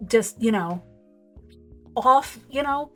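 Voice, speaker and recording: A woman's voice: a little high, expressive, slow pace, fairly bright tone, faint music behind. A woman voicing a sassy grown woman who teases her friend in a drawling way. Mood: teasing.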